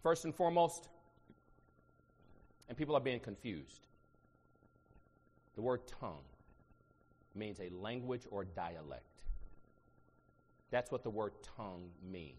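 A middle-aged man from Ohio preaches in a fairly high voice with an Ohio accent. He jumps from shouts down to quiet asides and keeps calling on the crowd to answer back. The sound rings with a long reverb, as in a big church hall. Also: expressive, moderate pace, long pauses. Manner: dynamic, swinging from shouts to low asides, call-and-response. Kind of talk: sermon. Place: church sanctuary.

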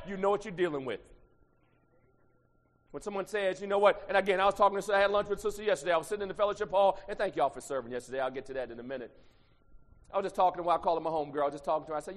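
A male pastor preaching a sermon, swinging from quiet asides to loud shouted lines. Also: high-pitched, lively intonation, racing. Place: church sanctuary. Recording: long church reverb.

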